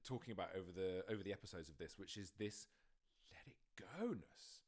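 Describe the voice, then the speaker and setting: A man co-hosting a podcast, reacting playfully in casual chat. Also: low-pitched. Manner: quick, animated, playful reactions. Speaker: podcast co-host.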